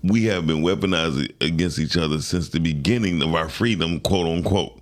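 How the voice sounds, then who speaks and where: A man's voice: deep voice, moderate pace. A man co-hosting a morning talk show, arguing his point emphatically and talking over the others. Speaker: co-host. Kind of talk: heated casual debate.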